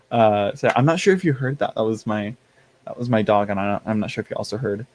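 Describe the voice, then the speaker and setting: A man's voice: fairly low pitch, normal speed, a little hiss or hum. Chatty man hosting a live stream. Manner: chatty, laughs often, reads and answers chat aloud. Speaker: tarot livestream host. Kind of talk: casual livestream chat.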